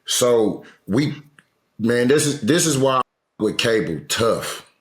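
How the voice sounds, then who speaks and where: A man's voice: medium pitch, animated, slow, roomy sound. A man hosting a podcast in casual chat, loose and full of slang. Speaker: podcast host.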